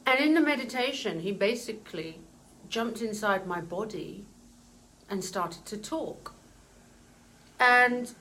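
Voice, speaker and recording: A woman in her forties telling a personal story in an earnest, emotional way, pausing often with fillers. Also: medium pitch, sharp tone, slight background noise, low-quality recording.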